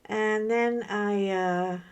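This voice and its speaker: A middle-aged woman, chatting casually about her day while she works on crafts, telling lively stories and acting out what people said. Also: mid-range voice, drawn-out words, smooth. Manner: chatty storyteller, animated, acts out quoted voices. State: sore from a workout. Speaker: crafting vlogger.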